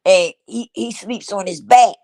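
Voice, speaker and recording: A woman's voice: medium pitch, a little slow, a little mellow. A middle-aged woman hosting her own show, telling a personal story in an emotional, repetitive way and speaking straight to her listeners. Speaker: host.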